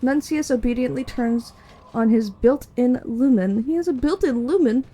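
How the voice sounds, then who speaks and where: A woman's voice: fairly high pitch, moderate pace, dark tone, breathy edge. A woman streaming a game, reading its narration aloud with chatty asides.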